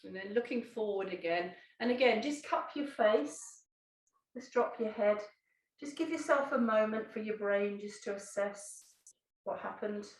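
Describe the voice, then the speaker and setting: Woman instructor, soft and calm, recorded off-mic in a room with some echo. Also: mid-range voice, a little slow, far from the mic. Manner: calm, gentle guiding with fillers and self-corrections. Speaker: Pilates instructor. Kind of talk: guided exercise instruction.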